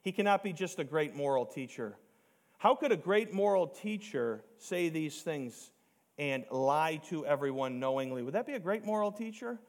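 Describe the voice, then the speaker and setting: Pastor, male, fairly high voice, emphatic sermon delivery with slowed-down stresses. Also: lively intonation. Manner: emphatic, rising to near shouts on key points; slows down to stress key words.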